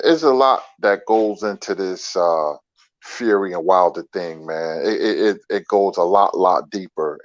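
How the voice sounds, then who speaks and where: A man's voice: low voice, no echo. A man calling in to a casual chat, stumbling over words and ending phrases with "man". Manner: drawn-out, says "man" often, stumbles on words. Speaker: call-in guest. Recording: dry, dull call-in line.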